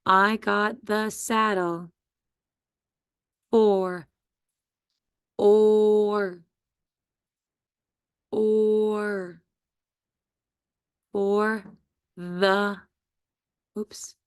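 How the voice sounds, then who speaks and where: A woman's voice: mid-range voice, little pitch movement, drawn-out words, long pauses, clear, resonant tone, dry recording, clean studio sound. A woman teaching a phonics spelling lesson to children, patiently sounding out letters and syllables one at a time.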